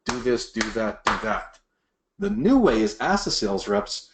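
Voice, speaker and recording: A man's voice: on the low side, a little slow. A middle-aged man teaching sales managers in a master class, acting out what bosses and reps say. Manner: animated, acts out quoted bosses and reps. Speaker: sales leadership trainer. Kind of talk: presentation-style master class.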